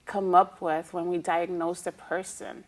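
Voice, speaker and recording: A woman who is a licensed acupuncturist, a guest on a TV talk show, calmly explaining her practice. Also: lowish voice, unhurried. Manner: calm, explanatory, with frequent "um" and "you know". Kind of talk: explaining in an interview.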